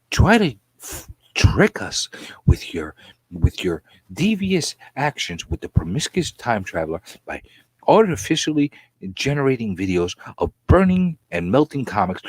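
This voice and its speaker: A man on a live stream doing a mock-seductive, hushed, calm voice in a low, breathy half-whisper. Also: no room sound, full character voice. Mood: sultry. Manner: slow, soft, teasingly sultry. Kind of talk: live-stream comic put-on voice.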